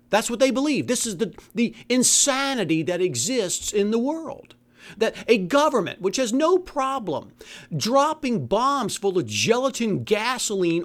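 A man hosting his show, delivering an angry, profane monologue and mocking other people's views in put-on voices. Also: high-pitched. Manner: profane, exasperated, mocks opponents in put-on voices. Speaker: podcast host.

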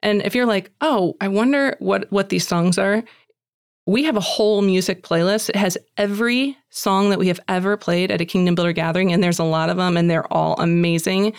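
A woman giving a chatty, animated personal faith testimony at a women's gathering, acting out dialogue and saying "like" often. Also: medium pitch, a little fast, clean tone, no room sound, clean studio sound. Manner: heavy use of "like" as filler. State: tearful at moments.

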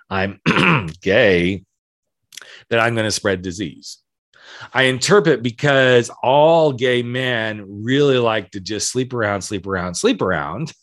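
A man's voice: medium pitch, a bit bright, no echo, studio quality. A man in his forties giving a frank, emphatic self-help monologue as a podcast host, swearing casually as he talks.

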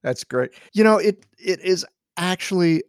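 A man hosting a conversational podcast, talking in a reflective, animated way. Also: sits high, measured pace, clean tone, no echo, studio quality. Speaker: podcast host. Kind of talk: conversational interview.

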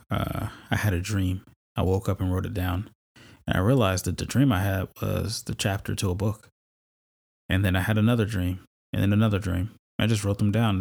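Low-voiced man sharing a faith story. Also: gravelly. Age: adult, married with kids. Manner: conversational, storytelling with laughs and fillers. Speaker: podcast host. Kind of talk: personal faith testimony.

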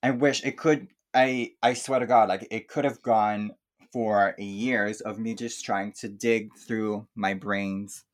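A man speaking English as a second language, talking reflectively and softly with many fillers in a casual chat. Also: on the low side, steady tone, takes it slowly. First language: not English. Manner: reflective, soft-spoken, with frequent fillers. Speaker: podcast guest. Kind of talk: casual chat about emotional healing.

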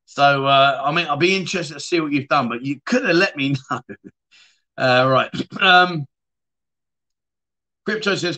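A man hosting a casual livestream chat show, rambling warmly and reading viewer comments aloud with friendly asides. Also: fairly high pitch, animated, normal speed. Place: lives abroad in Thailand.

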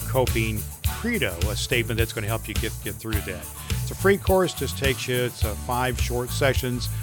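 A man hosting a podcast, earnestly encouraging listeners and telling a slow joke. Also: mid-range voice, a bit bright. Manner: earnest, with fillers, slow storytelling. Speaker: podcast host.

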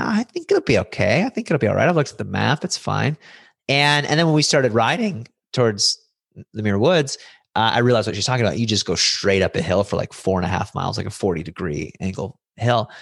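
A middle-aged man talking as a podcast guest, telling personal stories in an animated way, jumping up in pitch when excited and acting out other people's lines. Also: vocal fry, slightly rough, no echo, studio quality. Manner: acts out other voices in his stories. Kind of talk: reflective storytelling conversation.

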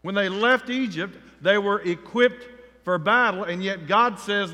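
A man preaching a sermon, telling the story with feeling and acting out the crowd's voices, rising to near shouts. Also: sits high, unhurried. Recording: long reverb of a large hall.

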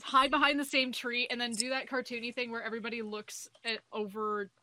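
A woman's voice: a little high, level tone, fairly quick, bright, forceful tone, rough recording. A woman playing a tabletop game, chatting in an eager way. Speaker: player. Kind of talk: casual tabletop game chat.

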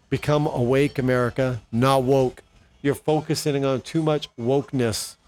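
A man hosting a political commentary show, delivering an impassioned opinion monologue with indignant questions to his listeners. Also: mid-range voice.

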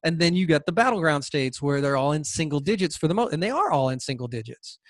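A man's voice: a little high, expressive, fast, no room sound. A man hosting a podcast, delivering a combative, sarcastic political monologue that taunts imagined listeners. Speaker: podcast host.

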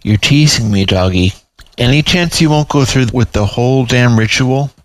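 A man's voice: mid-range voice, normal speed, slight background noise, lightly acted. A man doing a weary exasperated female panther. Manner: exasperated, grudging.

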